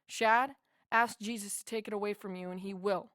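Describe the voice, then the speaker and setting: A woman voicing a calm, faithful female friend who gently urges and reassures while praying. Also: mid-range voice, moderate pace, no room sound, studio quality, natural voice. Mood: urging.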